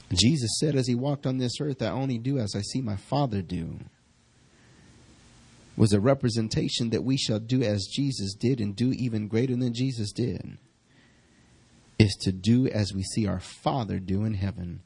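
A man, a pastor praying and preaching to his church with fervent, drawn-out calls. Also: fairly low pitch, darkish tone, slightly rough. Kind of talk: sermon and prayer. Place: church sanctuary.

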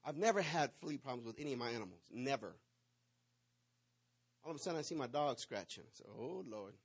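A man preaches in a middle-pitched voice, spinning a personal story for his congregation. He swings from loud, excited bursts down to soft asides. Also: fairly quick, breathy edge. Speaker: pastor.

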